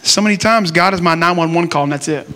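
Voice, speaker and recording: A man giving a conversational, animated sermon, acting out prayers in plain everyday talk. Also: a little high, quick pace, big-room sound. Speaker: preacher.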